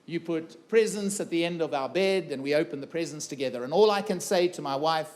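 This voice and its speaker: A middle-aged man with a fairly high voice speaks from a conference stage. He tells a personal story in an earnest way, repeats key phrases and puts questions to the crowd. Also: brisk, darkish tone. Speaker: keynote speaker. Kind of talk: personal story told to a live audience. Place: conference room before a live audience.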